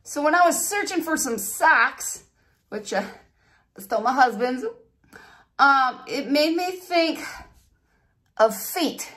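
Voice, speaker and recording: A woman beauty vlogger telling stories and walking through a hair tutorial in a chatty, animated way. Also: high-pitched, slow, pauses often. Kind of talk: casual storytelling and hair tutorial.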